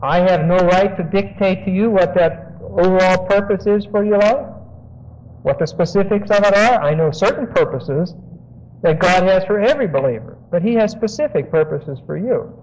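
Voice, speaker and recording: At a moderate pace, a man with a high, darkish voice preaches an expository Bible lesson. He explains words and dictates phrases for his listeners to note, captured on a dull, lo-fi sermon recording.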